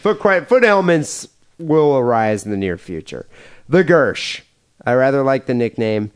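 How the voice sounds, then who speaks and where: A man's voice: mid-range voice, unhurried, clean tone. A man co-hosting a podcast, reading listener emails aloud in a loose, joking way after a few beers. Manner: animated, laughing, drinking beer.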